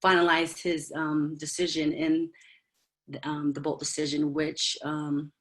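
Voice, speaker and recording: A woman giving an informal, earnest talk on a video call, halting often with fillers and restarts. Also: sits low, flat delivery. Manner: heartfelt, earnest. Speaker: presenter at a virtual working group meeting. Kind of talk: informal spoken presentation.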